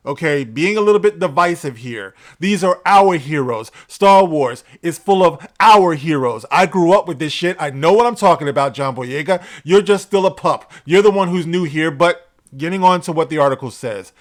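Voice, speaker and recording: Sarcastic man with a higher voice. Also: normal speed. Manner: sarcastic and emphatic, with blunt profanity. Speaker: commentary channel host. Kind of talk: opinionated commentary reading from a news article.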